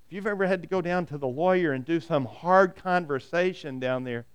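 Male pastor, high clear voice, animated storytelling sermon. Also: fast, few pauses. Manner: animated storytelling, repeats words when starting.

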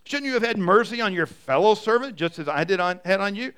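Brief: a preacher doing a scolding king, sharply raised pitch, incredulous. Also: animated, brisk, fairly bright tone, clear, resonant tone. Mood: indignant. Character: indignant king scolding a wicked servant. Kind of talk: sermon storytelling.

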